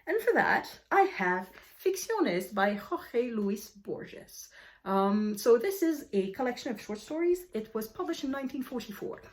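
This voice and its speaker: A woman with a French accent chatting casually about her reading plans, a little out of breath, often correcting herself and filling pauses with ums. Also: fairly high pitch, very animated. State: slightly out of breath. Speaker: book vlogger. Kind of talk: casual book chat to camera.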